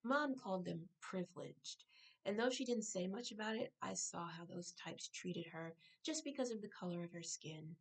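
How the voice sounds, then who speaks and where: A woman author reading her own novel aloud, now and then breaking off to correct herself or make a quick aside. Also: lowish voice, expressive, low-quality recording.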